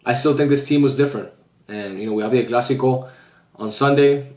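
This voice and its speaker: A man's voice: medium pitch, a little fast, darkish tone, reverberant. A man football fan vlogging casually to his viewers, dejected and heartbroken, swearing often as he talks straight to them. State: heartbroken after a loss. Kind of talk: casual vlog rant.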